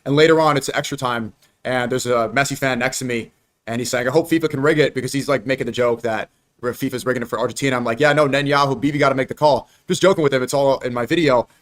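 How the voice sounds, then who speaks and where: A man talking at a brisk clip in an ordinary middle-pitched voice, hosting a casual stream chat. He tells his anecdotes in an animated, lively way, piling on detail. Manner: fast, animated anecdote telling.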